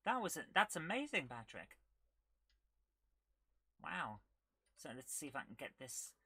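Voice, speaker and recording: A woman hosting a casual retro gaming live stream, chatting with viewers and reacting excitedly while she plays. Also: deep voice, measured pace, slightly rough, dry recording. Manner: chatty, reads viewer comments aloud, bursts of excitement while playing.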